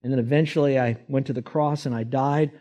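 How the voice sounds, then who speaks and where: A male preacher voicing a calm, patient Jesus recounting plainly and gently. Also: medium pitch, fairly quick, lightly acted.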